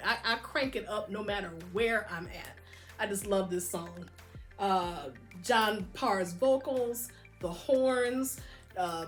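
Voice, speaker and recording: A middle-aged woman casually shows off her vinyl singles, gushing with enthusiasm and now and then singing a short line along in a casual record show-and-tell. Her voice is medium-pitched and a bit bright.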